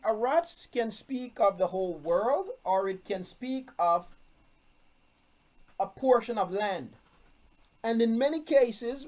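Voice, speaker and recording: A man's voice: high-pitched, darkish tone. A man teaching from scripture to a streamed congregation, reading verses aloud and repeating his key points with emphasis. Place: room, streamed on video call.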